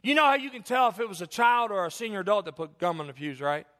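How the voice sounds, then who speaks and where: A middle-aged man preaches from the pulpit with a high, bright, ringing voice. He swings between loud passages and quiet, low pleas to his listeners. Long reverb fills the church hall around him. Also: sing-song, fast talker. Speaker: pastor. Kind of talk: sermon. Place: church sanctuary.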